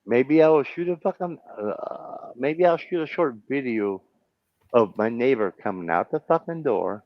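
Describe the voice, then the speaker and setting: A man's voice: medium pitch, animated, measured pace, dry recording. An American man who has been drinking, arguing bluntly and profanely in a casual heated chat, often talking over the other speaker. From United States. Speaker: stream host. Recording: dull dry lo-fi sound.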